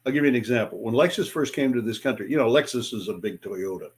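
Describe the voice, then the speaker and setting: An older man, a sales speaker and author, speaks fast at a medium pitch as an interview guest. He tells stories animatedly and acts out sales dialogues, switching between different voices.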